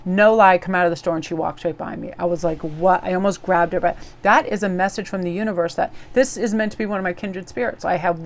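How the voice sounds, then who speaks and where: A woman's voice: fairly low pitch, steady tone, fast talker, few pauses. A woman giving a casual daily tarot reading in a bubbly, effusive, chatty way. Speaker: tarot reader.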